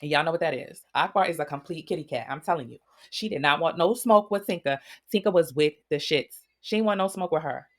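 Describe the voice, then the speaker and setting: A woman's voice: low-pitched, brisk, hardly any pauses. A woman hosting a casual reality-show gossip recap, blunt and profane. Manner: blunt, profane, animated storytelling. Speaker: recap host.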